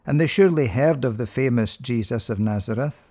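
A middle-aged man, a minister hosting a religious radio programme, speaking in a measured, earnest, rhetorical way. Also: mid-range voice, darkish tone.

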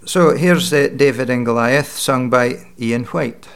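Radio host, short friendly prompts. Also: male voice, medium pitch, a little slow, creaky. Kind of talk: radio interview.

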